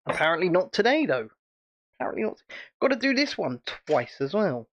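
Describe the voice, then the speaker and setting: A man's voice: high-pitched, very animated, fairly quick, highs cut off. A British man hosting a casual livestream chat, chatty and rambling, and laughing often. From United Kingdom. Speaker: channel host.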